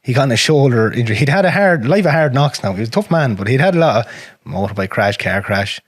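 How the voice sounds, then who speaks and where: Irish male podcast host, raspy, quick, blunt and profane, dry close sound. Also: mid-range voice, animated, no room sound. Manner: frank and profane, drops to a near whisper on painful memories. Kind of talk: casual conversation.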